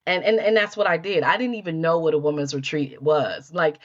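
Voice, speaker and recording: A middle-aged woman with a fairly low voice tells her story as a podcast guest. She leans into it, acting out her past thoughts and playing up the moments. The audio sounds a little dull and lo-fi. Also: fairly quick. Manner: animated, acts out her own past thoughts in quotes. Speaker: guest, healer and life coach.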